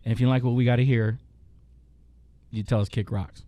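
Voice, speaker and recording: A man's voice: medium pitch, fairly even intonation, fairly quick, warm tone, no echo. A man hosting a casual chat, telling a long story with swearing and laughter. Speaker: podcast host.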